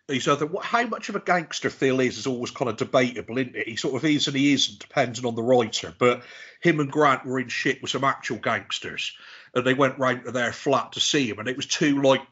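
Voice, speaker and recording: A man's voice: medium pitch, a bit bright, slightly rough, dull audio. Sweary, rambling man. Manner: rambling, sweary storytelling with restarts. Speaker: podcast guest. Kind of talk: casual chat.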